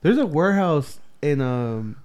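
A man's voice: fairly high pitch, big pitch swings, measured pace, darkish tone. A man co-hosting a podcast, rambling casually with slang and swearing. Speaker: podcast co-host. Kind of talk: casual chat.

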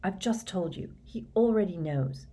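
Troubled teenage wizard boy, read by a woman, short and grim, low voice. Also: lively intonation, unhurried, a little mellow, husky.

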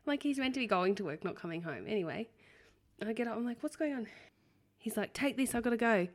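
A woman's voice: on the high side, expressive, quick pace. A young Australian woman co-hosting a casual podcast, telling a story with plenty of swearing and laughter. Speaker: podcast co-host. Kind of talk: casual chat.

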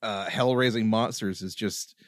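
A man co-hosting a casual film podcast, talking with enthusiasm and quick to agree. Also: fairly low pitch, no room sound, studio quality. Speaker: podcast co-host.

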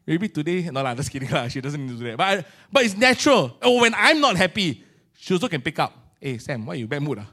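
This pastor is a middle-aged man with a Singaporean English accent, delivering a lively, colloquial sermon and acting out small scenes. He speaks quickly in a high-pitched voice.

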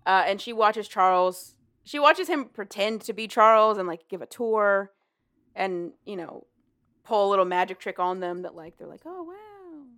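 A woman's voice: mid-range voice, moderate pace, fairly bright tone, clear, resonant tone. A chatty woman co-hosting a casual book-recap podcast. She talks loosely, sprinkles in fillers and acts out the characters' lines as she goes. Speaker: podcast co-host.

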